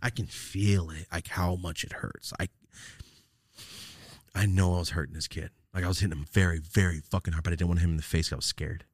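A man's voice: low-pitched, fairly even intonation, fairly quick, slightly rough, no echo, clean studio sound. A man hosting a podcast, telling a rambling, profane story in casual chat. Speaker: podcast host.

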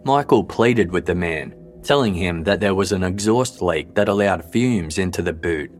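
A man with a very low voice narrates a true-crime story in a measured, even, scripted delivery. Soft music plays quietly underneath him. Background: faint background music.

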